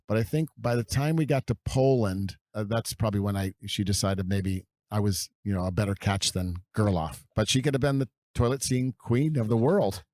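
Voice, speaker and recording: A man's voice: lowish voice, darkish tone, dry recording, clean studio sound. A man in his fifties from California, a podcast guest telling long, meandering stories from his past at an easy pace. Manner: unhurried, meandering storyteller. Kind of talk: reminiscing interview storytelling.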